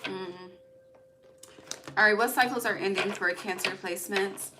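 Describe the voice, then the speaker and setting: Heavy background noise surrounds a young woman giving a casual spiritual card reading in a mid-range voice, a little slow. She's emotional and close to crying, swears freely, and leans on "okay" and "all right" to check in.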